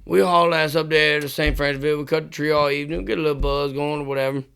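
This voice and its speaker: A man tells a rowdy, profane story on a casual podcast. His voice is bright, pitched a little high, and he laughs his way through it. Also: little pitch movement, fast talker, vocal fry, smooth. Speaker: podcast co-host.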